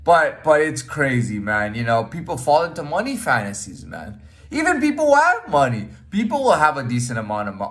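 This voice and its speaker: A man's voice: fairly high pitch, very animated, fairly quick, fairly bright tone. A man talking casually in a rambling monologue, full of fillers and restarts, blunt and swearing freely. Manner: rambling, repeats himself, frequent fillers and "man". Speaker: podcast host.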